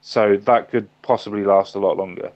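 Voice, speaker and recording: A man's voice: fairly low pitch, fairly even intonation, normal speed, a little mellow, highs cut off. A British man co-hosting a livestream, chatting casually and teasing with lots of laughter. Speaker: livestream co-host. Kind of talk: casual chat.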